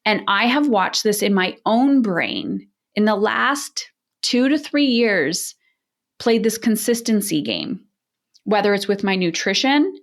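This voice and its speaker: A woman's voice: mid-range voice, expressive, a little slow. A woman parenting coach speaks in a podcast interview with a mid-range voice. She talks straight and emphatically, in the way of someone used to telling people hard truths.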